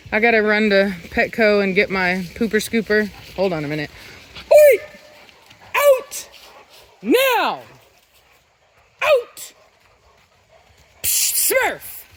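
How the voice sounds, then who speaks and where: A woman chats casually to the camera while standing outdoors among her dogs. She breaks off often to bark sharp, loud commands at them. Faint outdoor noise sits under her voice. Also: medium pitch, normal speed. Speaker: dog breeder and vlogger. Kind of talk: casual vlog narration. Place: outdoors in a rural yard with dogs.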